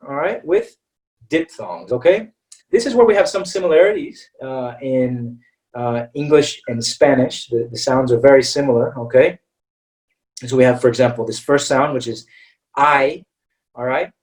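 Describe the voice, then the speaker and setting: A man's voice: mid-range voice, darkish tone, distant mic, poor audio. An American man teaching English in a live webinar, talking in a chatty way and often checking in with "all right" and "okay".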